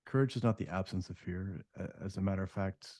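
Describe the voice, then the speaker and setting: A man hosting a podcast, offering measured, thoughtful reflections to his guest. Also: low-pitched, dark tone, dry recording, studio quality. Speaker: podcast host. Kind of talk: reflective interview commentary.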